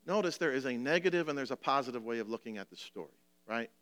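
A man's voice: medium pitch, animated, fast, fairly bright tone. A male preacher delivering a sermon, passionate and pleading, asking rhetorical questions, emotional and near tears.

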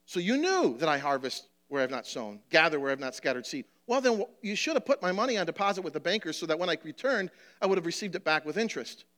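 A man's voice: fairly high pitch, big pitch swings, fairly bright tone. A man reading as a stern wealthy master. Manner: read aloud from scripture, brisk. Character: stern wealthy master judging his servants.

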